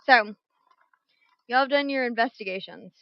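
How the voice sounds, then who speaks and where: A woman running a tabletop game as game master, casual and animated, swearing freely, at her computer mic. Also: on the high side, moderate pace, no echo, muffled recording.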